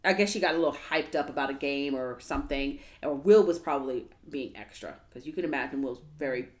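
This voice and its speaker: A woman's voice: rumbling low, quick pace. A woman co-hosting a casual podcast chat, animatedly retelling a story and acting out the quotes. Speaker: podcast co-host.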